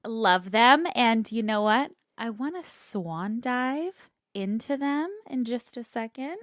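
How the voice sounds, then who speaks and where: A woman co-hosts a casual comedy podcast, leading a history segment with a chatty, bubbly delivery. Her voice rises and falls in lively swings, and the sound is close and dry with no room echo. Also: a little high, takes it slowly. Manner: bubbly storytelling with frequent laughs. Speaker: podcast co-host.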